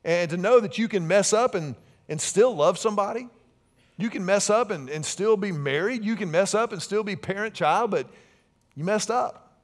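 A middle-aged man preaching a sermon in a conversational way, with asides and big swings between loud and soft. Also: sits high, lively intonation, moderate pace. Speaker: pastor.

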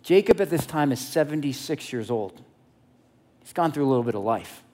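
A male preacher who retells a scripture story in a lively, conversational way. He drops playful asides to the congregation, and his voice sits at an ordinary middle pitch. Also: a little fast. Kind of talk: sermon storytelling.

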